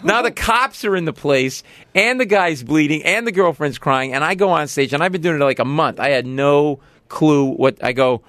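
A man's voice: on the high side, moderate pace, no echo. A middle-aged man telling a casual story, acting out voices as he goes. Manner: animated, acts out voices in his story.

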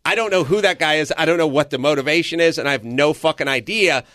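A man's voice: a little high, fast, no echo, studio quality. A man co-hosting a podcast, telling a profane, comedic story and acting out what people said. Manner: animated storytelling, acts out quotes, profane. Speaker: podcast co-host. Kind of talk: casual comedic rant.

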